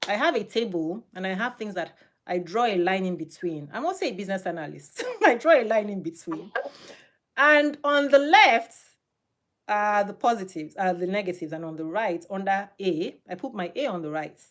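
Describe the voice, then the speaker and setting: A middle-aged woman speaking as an interview guest, talking emphatically and laughing often, with her voice jumping high when she gets animated. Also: fairly quick. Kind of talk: emphatic casual interview talk.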